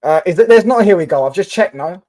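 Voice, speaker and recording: Chatty man with a higher voice. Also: lively intonation, fast talker, dark tone. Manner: chatty, reads and answers viewer comments, many fillers and restarts. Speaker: football live streamer. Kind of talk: casual live-stream chat.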